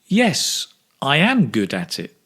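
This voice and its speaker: Slow, lively male English teacher. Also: mid-range voice, husky. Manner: models phrases slowly with exaggerated intonation. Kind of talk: slow, clear pronunciation drill.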